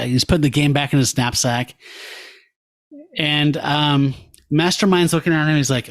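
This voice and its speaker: A man's voice: on the high side, moderate pace. A man co-hosting a podcast, casually retelling a comic story and acting out its characters' lines with laughs. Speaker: podcast co-host. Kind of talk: casual comic recap chat.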